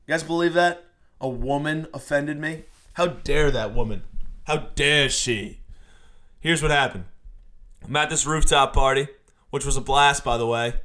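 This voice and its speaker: A young man hosting a podcast, delivering a crude, sarcastic, rambling comedic monologue. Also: on the high side. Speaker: podcast host.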